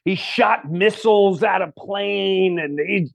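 A man in his fifties from Long Island, a comedian telling a story in casual chat, animated, acting out other people's voices, swearing and laughing often. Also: sits high, takes it slowly, creaky. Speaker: comedian guest.

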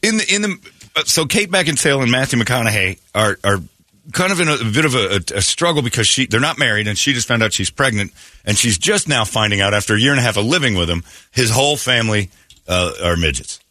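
A man's voice: medium pitch, quick pace, no echo. A man hosting a morning radio show, telling a story in casual banter with frequent laughs. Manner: animated storytelling, laughing often. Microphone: studio mic.

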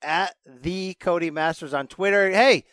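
A man hosting a podcast, talking in an energetic, emphatic, chatty way. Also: high voice, a little slow, no room sound, clean studio sound. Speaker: podcast host. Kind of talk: casual podcast chat.

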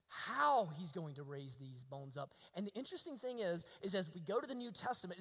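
In a large hall, a male pastor with a high-pitched voice preaches, leaning on rhetorical questions. His delivery swings from hushed to emphatic.

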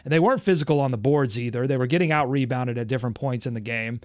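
A man co-hosting a casual sports podcast, telling stories in an animated way and laughing often. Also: medium pitch, fast, no echo, studio quality. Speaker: podcast co-host.

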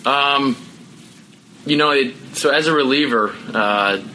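A man's voice: mid-range voice, slow pace, pushed and bright, a little hiss or hum, low-quality recording. A middle-aged man, a podcast guest, telling his story candidly and reflectively, with many "you know" fillers. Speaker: podcast guest, former pro pitcher.

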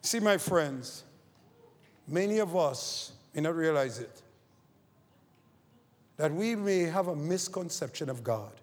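A man preaching a sermon, swinging between quiet, slow passages and loud, raised lines. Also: animated. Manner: preaching with sweeping rises and falls in pitch and loudness. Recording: long hall reverb.

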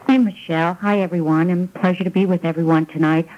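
A woman's voice: fairly low pitch, fairly even intonation, quick pace, highs cut off. A woman from New Jersey calls in to a program and gives an eager, chatty testimonial, often restarting her sentences. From New Jersey, USA. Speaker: caller giving a testimonial. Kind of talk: casual testimonial on a call-in program.

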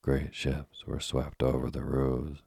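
A man narrating a storybook in a steady, measured reading. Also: a bass voice, gravelly, slightly rough, no echo, studio quality. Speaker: audiobook narrator.

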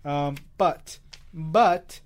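A man from New York co-hosting a comics podcast, talking in a rambling, hesitant, excitable way. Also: on the high side, extremely slow. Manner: rambling, hesitant, many fillers and restarts. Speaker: podcast co-host. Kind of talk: casual chat about comics.

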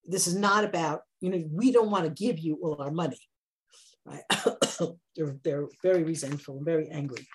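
A woman teaching a Bible class, lively and conversational, jumping up high when she acts out quotes. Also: normal speed. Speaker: Torah teacher.

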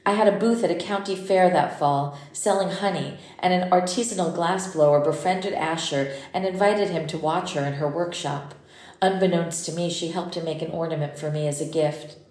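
A woman narrating a first-person audiobook in a measured, intimate way. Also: lowish voice, darkish tone. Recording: roomy echo.

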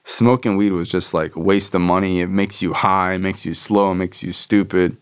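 Low-ish guy on a podcast, slangy and swearing, says "like" constantly. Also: steady tone, moderate pace, smooth. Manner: slangy, profane, fills with "like", acts out friends' voices. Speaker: podcast host. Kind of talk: casual personal storytelling.

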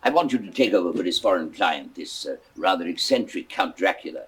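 An actor playing an older employer, brisk and condescending, with a husky, formal delivery in a film scene. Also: male voice, deep voice, expressive. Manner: crisp, formal. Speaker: film character. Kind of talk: film acting.

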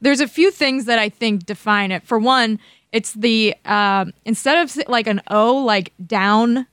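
A woman's voice: fairly high pitch, measured pace, fairly bright tone, smooth, dry recording, studio quality. Chatty woman explaining, from Pennsylvania. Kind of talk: casual podcast chat.

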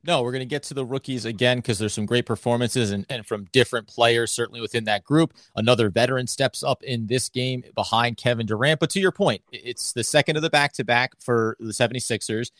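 A man's voice: medium pitch, brisk, hardly any pauses, fairly bright tone, no room sound, clean studio sound. A man co-hosting a casual sports podcast, with upbeat, hype-style delivery. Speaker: podcast co-host.

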